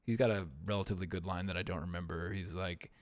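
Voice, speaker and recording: A man's voice: low voice, steady tone, racing. A man hosting a casual film podcast, talking in a rambling, wry way that often trails off into a mumble. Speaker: podcast host.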